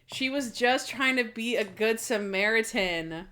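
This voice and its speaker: Animated woman podcast co-host. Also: a little slow. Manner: animated, acts out scenes in high squeaky voices. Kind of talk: casual chat.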